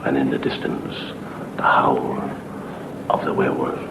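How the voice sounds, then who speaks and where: A middle-aged man, a comedian and host, telling a spooky tale slowly and dramatically, dropping to a hush in places, on a dull, hissy old TV recording. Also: very deep voice, monotone, vocal fry. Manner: slow, dramatic, hushed in places. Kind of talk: theatrical storytelling.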